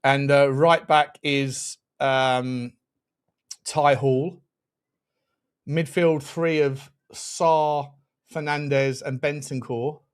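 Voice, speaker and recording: A man hosting a live football watchalong, animated and excitable, quick to laugh and swear while chatting over the match. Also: mid-range voice, clear, resonant tone. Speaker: fan channel host.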